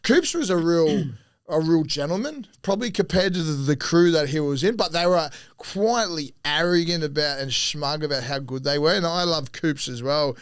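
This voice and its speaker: Swearing man with a higher voice. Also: expressive, normal speed, clean tone. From Australia. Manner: profane, rambling, often laughing mid-sentence. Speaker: former rugby league player, podcast guest. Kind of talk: casual podcast chat, telling stories.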